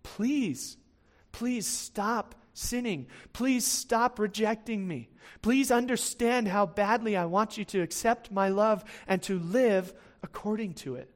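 A man's voice: sits high, moderate pace, natural voice. A man voicing God as an exasperated, disappointed parent scolding a wayward people. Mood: pleading. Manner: pleading, disappointed.

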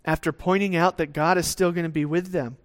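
A man's voice: a little high, steady tone, a little fast. A man preaching a sermon casually, often checking in with the listeners and acting out little exchanges with God. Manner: conversational preaching, acts out God's lines; tag questions, some restarts. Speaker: pastor.

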